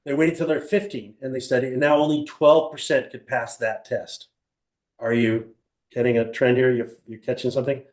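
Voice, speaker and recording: A man's voice: mid-range voice, normal speed, roomy sound. An older man teaching a live motivational seminar to an audience in a small room, telling stories and asking the audience questions. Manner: animated storyteller, rhetorical questions, acts out other people.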